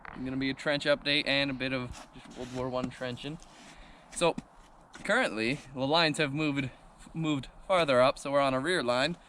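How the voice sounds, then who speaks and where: A man's voice: mid-range voice, fairly even intonation, moderate pace, sharp tone, a little hiss or hum. Male vlog host, mid-range voice, easygoing show-and-tell delivery, recorded outdoors. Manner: chatty, loose show-and-tell. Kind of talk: casual chat to camera. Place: outdoors in a dug trench.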